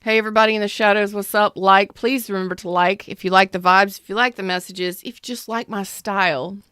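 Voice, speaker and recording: A woman's voice: medium pitch, fairly even intonation, moderate pace, sharp tone, clean tone, dry recording, clean studio sound. A woman in her thirties giving a casual tarot reading, blunt and emphatic, swearing freely. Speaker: tarot reader.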